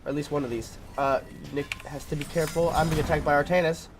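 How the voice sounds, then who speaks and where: A man commentating his own gameplay in a casual, rambling way, full of fillers and throat-clearing because he is sick. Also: fairly high pitch, steady tone, quick pace, over music. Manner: rambling, filler-heavy, thinking aloud.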